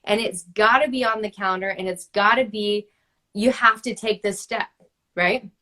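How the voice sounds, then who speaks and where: A woman's voice: mid-range voice, moderate pace, sharp tone. A woman in her thirties coaching a guest over a video call, passionate and emphatic, with lots of "like". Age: 30s. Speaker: host, book-writing coach. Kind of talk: spiritual coaching conversation.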